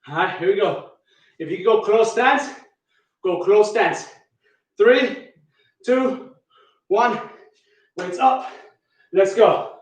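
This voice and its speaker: A man's voice: high voice, takes it slowly, long pauses. A man coaching a workout, counting reps aloud and calling out each move while out of breath. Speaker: fitness coach. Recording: echoey room, far from mic.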